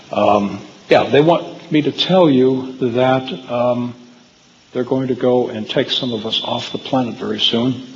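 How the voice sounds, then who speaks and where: A man's voice: medium pitch, normal speed, in a large hall, dull audio, a little hiss or hum. A man giving a talk to a live audience, telling personal stories in a rambling way with frequent fillers and restarts. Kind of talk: storytelling lecture to a live audience. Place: hall with audience.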